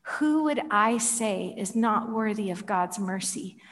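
A woman's voice: medium pitch, animated, slow pace, a bit bright, slight background noise. A woman preaching a sermon, telling a story playfully with laughs and rhetorical questions, in a church hall. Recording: long reverb of a large hall.

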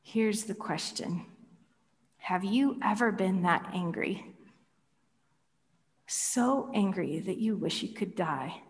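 Slow, playful woman preacher. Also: medium pitch. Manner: playful storytelling, laughing, rhetorical questions. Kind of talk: sermon. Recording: long reverb of a large hall.

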